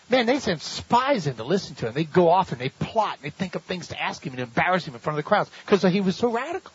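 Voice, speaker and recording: A man's voice: high-pitched, fairly bright tone, husky, no echo, highs cut off. A man preaching a sermon, telling a story dramatically with laughs and rhetorical questions. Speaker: pastor.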